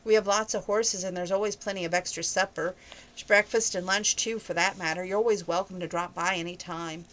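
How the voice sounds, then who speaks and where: A woman's voice: lowish voice, steady tone, a little fast, a bit bright, a little hiss or hum, close to an everyday voice, rough recording. A woman reading aloud, voicing a friendly single ranch woman who talks cheerfully and teases lightly.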